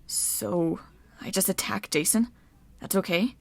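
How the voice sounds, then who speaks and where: Audiobook voice: mumbling teen boy, voiced by a woman, meek, low-key. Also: fairly quick, a little mellow, dry recording, close to an everyday voice. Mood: dazed. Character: teenage boy, dazed and joking.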